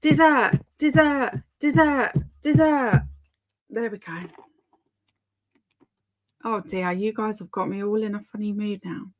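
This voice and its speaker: A woman's voice: mid-range voice, little pitch movement, measured pace, pauses often. Giggly streamer woman, thirties, easygoing live chat with viewers. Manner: giggly, chatty, reads chat aloud. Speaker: booktube streamer hosting reading sprints. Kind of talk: casual live-stream chat reading comments.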